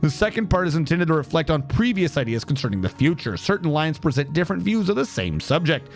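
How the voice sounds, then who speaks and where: A man with a slightly higher voice talks through his gameplay on stream. He reads game text aloud and cracks dry, sarcastic jokes, with faint music playing underneath. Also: big pitch swings, fast talker. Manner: wry, sarcastic asides while reading game text aloud. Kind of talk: casual gameplay commentary.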